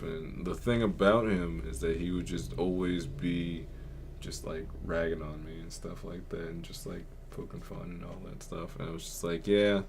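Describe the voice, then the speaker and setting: A young man with a low, deep voice tells a long personal story on his podcast. He rambles and fills his talk with filler words, and his tone stays quiet and subdued. A faint hiss sits under the voice. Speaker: podcast host. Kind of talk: casual storytelling.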